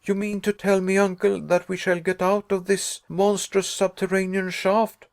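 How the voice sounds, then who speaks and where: A man voicing an excitable young nephew who pleads in agitation, pitched above his narrating voice. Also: normal speed, vocal fry. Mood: desperate.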